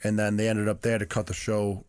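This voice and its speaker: Young dude podcasting, super casual, swears a lot, "like" every other word, dry sound. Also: male voice, fairly low pitch, flat delivery, fast talker, a little mellow, smooth, no room sound. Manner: loose, profane, laughs a lot, many filler "like"s. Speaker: podcast co-host, pro wrestler. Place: podcast studio.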